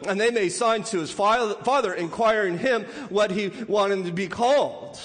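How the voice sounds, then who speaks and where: A pastor with a high voice preaches a sermon at a moderate pace in a large hall. He keeps it conversational, often repeating words and playfully acting out the voices of people in the story.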